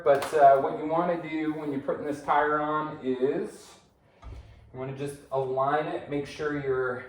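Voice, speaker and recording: A man casually talking through a bike assembly, rambling to himself as he works and tossing in jokes. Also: a little high. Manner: rambling, talks to himself while working, joking asides. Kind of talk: casual unboxing and assembly walkthrough. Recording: roomy, distant mic, clear background noise.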